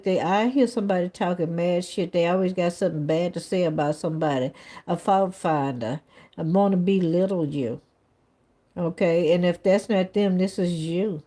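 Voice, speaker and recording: A woman's voice: medium pitch, warm tone. A woman giving a live-stream tarot reading in a casual, blunt way, swearing freely and saying "all right" and "okay" over and over. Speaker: tarot reader.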